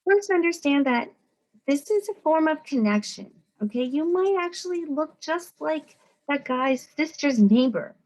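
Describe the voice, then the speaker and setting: An American woman psychologist gives an informal, conversational talk to students, animatedly acting out other people's voices. Her voice is high and a little slow, on a rough recording.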